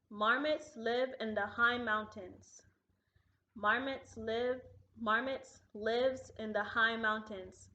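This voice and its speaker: A woman's voice: on the high side, sharp tone. Patient teacher woman in an echoey classroom. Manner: patient, deliberate, speaks slowly when modeling example sentences. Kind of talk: recorded classroom lesson for remote students. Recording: echoey room, dull lo-fi sound.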